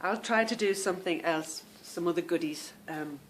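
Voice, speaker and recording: A woman's voice: on the low side, moderate pace, slight background noise. A woman hosting a podcast, chatting casually at home and calling her listeners "girl" and "girlies". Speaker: podcast host. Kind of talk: casual chat.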